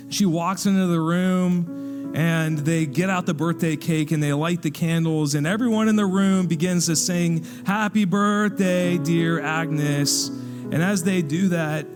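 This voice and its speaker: A man preaching a sermon, telling a story and acting out the people in it with lively narration. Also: fairly high pitch, big-room sound. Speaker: pastor. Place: church hall.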